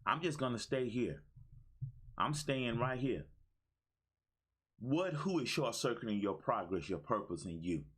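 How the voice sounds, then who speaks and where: A man's voice: mid-range voice, expressive, measured pace, long pauses, breathy edge. A man in his fifties giving a livestream motivational talk, exuberant, with a preacher-like call-and-response manner. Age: 50s. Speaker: motivational speaker. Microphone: phone.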